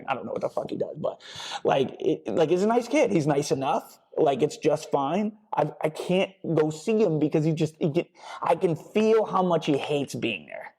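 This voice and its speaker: A man's voice: fairly high pitch, very animated, normal speed, a little mellow, husky. Blunt, swearing male podcast host. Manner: blunt, frequent swearing, emphatic repetition. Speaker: podcast host and personal trainer. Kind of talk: casual motivational podcast talk.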